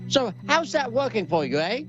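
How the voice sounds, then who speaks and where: A man doing a rough, mocking impression of a British reporter, in a put-on British accent. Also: very high voice, big pitch swings, moderate pace, pitched above the performer's own voice. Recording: muffled lo-fi with music behind.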